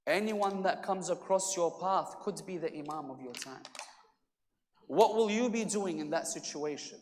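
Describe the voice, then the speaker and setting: A man delivering an animated religious lecture, acting out each character's lines as he tells the story. His voice rises and drops sharply in volume. The sound carries a long reverb from a large hall. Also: a little high, moderate pace. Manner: animated storyteller, acts out dialogue with shifting volume.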